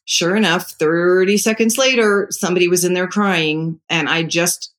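Calm middle-aged parenting advisor. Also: mid-range voice. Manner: calm, measured, explains with personal stories. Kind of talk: casual advice talk.

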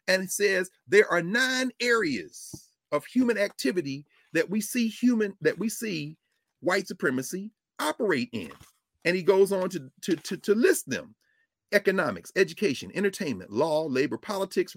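A middle-aged man lecturing as a professor and show host, preacherly, with vernacular speech and big swings between loud and low. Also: breathy edge, dry recording, clean studio sound. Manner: uses African American vernacular. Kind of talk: lively lecture to an audience.

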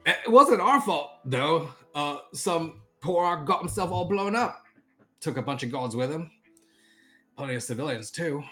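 A man's voice: on the high side, lively intonation, a little slow, a bit bright, faint music behind, voice pushed up. A man voicing a rowdy young male adventurer with a Cockney accent, blustery and stumbling over his words. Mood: boisterous.

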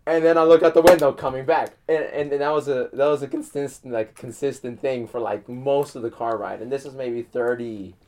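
A man's voice: medium pitch, steady tone, fairly quick, hardly any pauses, darkish tone. A young man casually telling a long story, rambling with repeated words, frequent swearing and laughter. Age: young adult.

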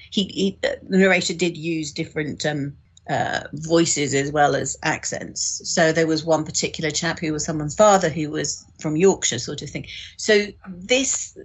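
A woman's voice: sits low, slightly rough. A woman, an audiobook director, explaining her work in a casual discussion with frequent restarts. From United Kingdom.

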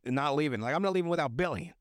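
A man's voice: a little high, animated, racing, no echo, clean studio sound, lightly acted. A man doing a brash cocky college jock. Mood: indignant.

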